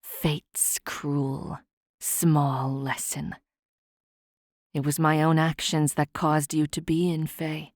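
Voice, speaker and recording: A woman voicing a hushed vengeful Fae king. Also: monotone, moderate pace, hardly any pauses, no echo, clean studio sound, lightly acted. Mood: menacing hush. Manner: low hushed menacing half-whisper.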